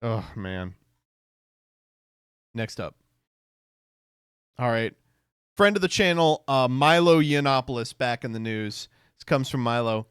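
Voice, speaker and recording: A man streaming, reacting to posts in a casual, animated way, laughing often and swearing. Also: medium pitch, slow pace, pauses often, smooth, no room sound, studio quality.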